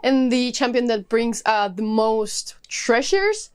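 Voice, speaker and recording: Gushing woman reviewing books, slightly high voice. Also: lively intonation, slow pace, clean tone. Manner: gushing, enthusiastic, many fillers like "like". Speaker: book reviewer. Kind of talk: casual book review vlog.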